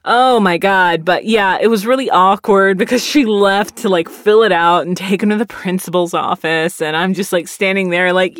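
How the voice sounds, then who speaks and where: A woman's voice: mid-range voice, lively intonation, normal speed, dry recording, clean studio sound. A woman in her late thirties from Texas, telling a story casually and with animation, laughing often and filling her speech with "like".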